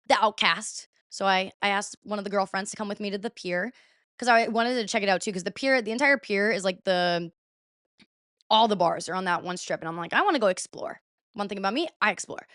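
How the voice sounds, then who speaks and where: A young woman in her twenties tells a story to her podcast listeners in a loose, chatty way, swearing now and then and leaning on "like" constantly. Her voice is smooth and clear, recorded close and dry with no room around it. She sits at a middling pitch. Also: a bit bright, no echo. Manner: chatty, swears freely, lots of "like". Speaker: podcast host. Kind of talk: casual storytelling.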